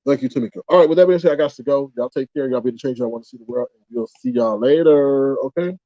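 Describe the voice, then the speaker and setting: A man's voice: medium pitch, quick pace, dark tone, no room sound. A man hosting a casual livestream, rambling animatedly, firing off indignant rhetorical questions and reading out chat comments. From United States. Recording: dull, muffled sound.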